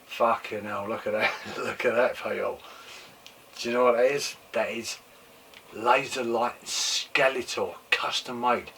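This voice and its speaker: Hosting a casual toy collecting show, this man is excitable but at a measured pace, his medium voice going slightly hoarse as it gives out. He gushes over items, repeats his exclamations and curses occasionally in show-and-tell style. The mic is some distance away, picking up faint room noise.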